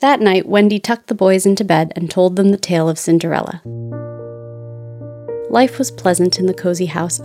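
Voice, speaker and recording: A woman narrating a children's storybook in a clear, steady storytelling voice. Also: lowish voice.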